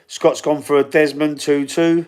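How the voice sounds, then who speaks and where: A man's voice: a little high, little pitch movement, unhurried, a little mellow, clear, resonant tone. Chatty Cockney man reading out live chat. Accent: London Cockney. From London. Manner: chatty, reads out viewer comments and predictions, stumbles and repeats words. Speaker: football channel host reading live chat. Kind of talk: casual livestream chat.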